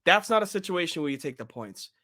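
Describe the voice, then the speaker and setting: A young man talking college football on a home podcast, his voice bright and forceful. He rambles and restarts mid-thought, with sudden excited outbursts. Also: on the high side, quick pace. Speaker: podcast co-host. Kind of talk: casual sports chat. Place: home room.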